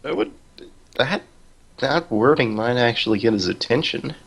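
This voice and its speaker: A man's voice: medium pitch, animated, moderate pace, vocal fry, husky. A man who is a guest on a podcast, chatting casually and dropping goofy interjections.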